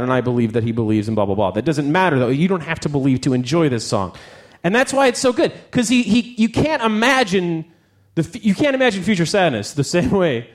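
A man hosting a live music talk, joking and swearing as he discusses an album for an audience on stage. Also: on the high side. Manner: animated, swearing, jokey asides.

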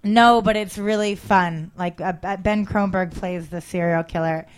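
A woman's voice: lowish voice, fairly even intonation, moderate pace, slight background noise. A woman comedian as a guest in a casual interview, rambling and self-deprecating about her jokes.

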